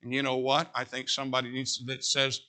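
A man preaching from the pulpit. His tone is very bright and forceful. He talks in a folksy way and climbs to loud, emphatic peaks. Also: mid-range voice, monotone, quick pace. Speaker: pastor. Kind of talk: sermon.

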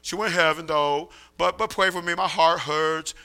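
A preacher voicing a shy young man who quietly and haltingly asks for prayer. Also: a little high, fairly even intonation. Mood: pleading.

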